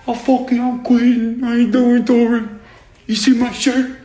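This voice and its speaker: A man putting on a high, whiny voice to mock another man who is quitting in a huff. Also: level tone, measured pace, dark tone, echoey room, soft background music. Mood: whining. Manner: high mocking whine.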